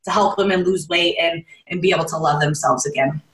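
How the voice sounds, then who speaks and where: A woman's voice: fairly low pitch, fairly even intonation, brisk, fairly bright tone. A woman guest casually telling her story on a podcast, chatty and full of "like". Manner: chatty, peppered with "like" and laughs. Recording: roomy, distant from the mic.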